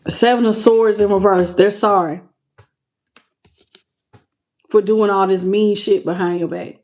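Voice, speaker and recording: Woman tarot reader on a livestream, emotional and colloquial, mid pitch. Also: fairly even intonation, a little slow, darkish tone. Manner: emotional, greets viewers by name, colloquial. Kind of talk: live tarot reading.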